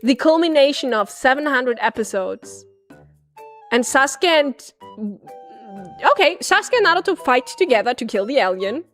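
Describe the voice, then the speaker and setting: Excitable high-voiced woman streamer. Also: normal speed, soft background music. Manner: excitable, rambling, bursts into shouts. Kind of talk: casual comedic plot recap.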